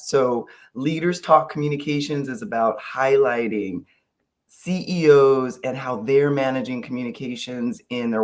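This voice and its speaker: A man hosting an interview podcast, leading in with fillers and friendly asides. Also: mid-range voice. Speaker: podcast host. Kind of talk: conversational interview.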